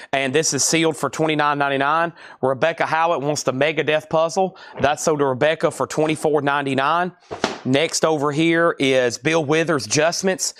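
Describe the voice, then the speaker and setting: Fast-talking man auctioning records. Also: fairly high pitch, a bit bright, dry recording, clean studio sound. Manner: rapid running price calls and bidder names; chatty asides to viewers. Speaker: live-stream record seller. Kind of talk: live auction stream.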